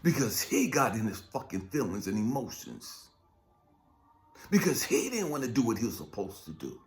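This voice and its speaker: A man delivers a fiery motivational sermon, his pitch leaping and plunging from one phrase to the next. He is profane and confrontational, hammering the listener with rhetorical questions. He swings between shouting and low, muttered asides. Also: very animated, moderate pace. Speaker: spiritual life coach. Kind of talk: impassioned motivational preaching monologue.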